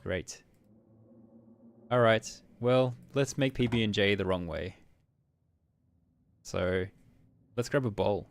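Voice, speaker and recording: A man streaming a visual novel, reading its narration briskly and muttering asides while laughing at himself. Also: lowish voice, creaky.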